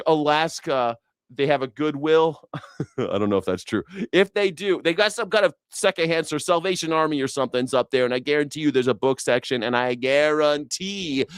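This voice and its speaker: A man's voice: medium pitch, clear, resonant tone, dry recording, studio quality. A man hosting a news reaction show, riffing sarcastically in rambling, profane commentary. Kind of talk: casual comedic commentary.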